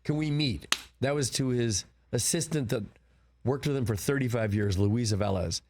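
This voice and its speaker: A man's voice: mid-range voice, normal speed, background noise. An older man, a film producer, telling rambling stories as a studio guest. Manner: rambling anecdotes, animated quoting. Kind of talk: casual interview storytelling. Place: broadcast studio.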